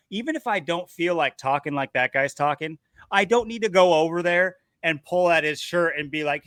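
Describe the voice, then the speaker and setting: A man's voice: on the high side, moderate pace, fairly bright tone, dry recording, clean studio sound. A man co-hosting a podcast in casual chat, talking intensely and building an argument. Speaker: podcast co-host.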